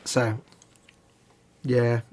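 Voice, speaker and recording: A man's voice: medium pitch, level tone, very slow, a little mellow, slight background noise. A man co-hosting a live hobby stream, explaining at length in a rambling, casual way with hedges and restarts. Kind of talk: casual chat.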